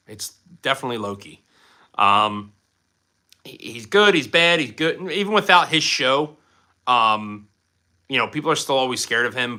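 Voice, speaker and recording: A man's voice: mid-range voice, sharp tone. A young man hosting a casual live stream from his home, joking as he answers chat questions.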